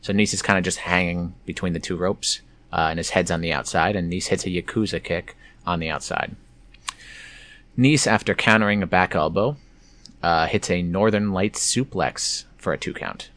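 A man's voice: low voice, moderate pace, a bit bright. A man hosting a casual play-by-play recap of a wrestling show, slipping in wry, sarcastic asides.

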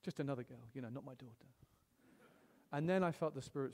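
A middle-aged man preaching a sermon, animated, swinging between loud exclamations and hushed storytelling. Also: medium pitch, fast talker, creaky, long pauses, in a large hall.

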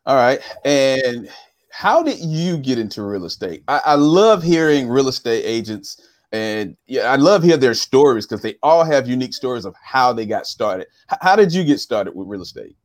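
A male podcast host who eggs his guest on in a playful, encouraging way. His voice rises and falls a lot as he asks his questions in mid-pitched, easy tones. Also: very animated, normal speed. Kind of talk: casual interview.

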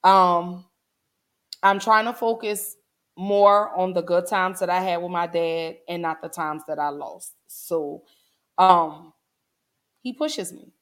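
Earnest forties woman hosting a live chat stream, near tears, a little low-pitched. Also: steady tone, slow, a bit bright. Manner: earnest, heartfelt, many "um"s, addresses chat as "y'all". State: holding back tears. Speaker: livestream host. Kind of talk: casual livestream talk to viewers.

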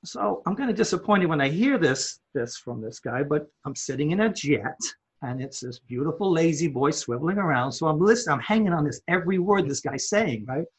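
A man's voice: on the high side, fairly quick, husky. A man, a company owner and podcast guest, telling a personal story in a casual, candid way and acting out the quoted dialogue. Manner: animated storyteller who acts out quoted dialogue; casual and candid, with mild swearing.

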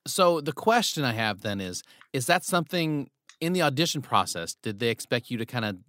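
Bright-voiced male host in a dry room. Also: medium pitch, big pitch swings, no room sound. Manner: upbeat, halting, laughs along. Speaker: radio show host. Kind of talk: casual interview chat.

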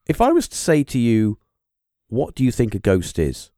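A man hosting a podcast interview, talking in a halting, musing way with lots of fillers and restarts. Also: mid-range voice, wildly swooping pitch, mellow, dry recording, studio quality. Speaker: podcast host. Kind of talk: casual interview chat.

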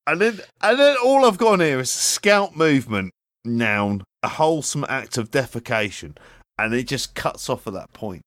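A man's voice: on the low side, a bit bright, dry recording. Tipsy swearing man, dry mic. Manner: swearing, laughing, tipsy banter. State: drunk. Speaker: podcast co-host. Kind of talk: casual chat.

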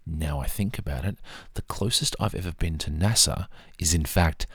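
A man's voice: deep voice, moderate pace, fairly bright tone, slightly rough, no echo, clean studio sound. A man talking casually through his mug collection in a rambling, self-deprecating way. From Australia. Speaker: vlogger. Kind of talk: casual show-and-tell monologue.

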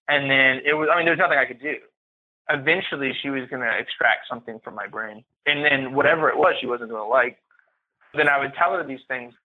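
A man telling his own story as a podcast guest, speaking haltingly and often repeating or restarting phrases. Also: medium pitch. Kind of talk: personal story in interview. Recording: tinny phone-like line.

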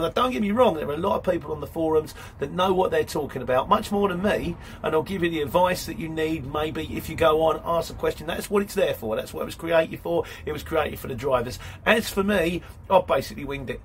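On his channel, a man reads out viewer comments and replies in a rambling, friendly way, calling people "mate" during a casual live stream. His voice is fairly high, with a little background noise.

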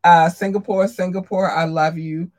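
A woman hosting a podcast, chatting casually and affectionately with listeners and often jumping into a squeaky high voice for greetings. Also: steady tone, moderate pace, a little mellow. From Maryland, USA. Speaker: podcast host. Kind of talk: casual livestream shout-outs.

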